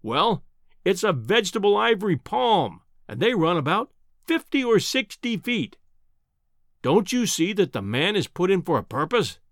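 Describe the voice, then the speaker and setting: A man's voice: high-pitched, a bit bright, no echo, clean studio sound, heavily acted. A man reading an audiobook, voicing a bombastic, scornful older male professor who lectures with an air of triumph.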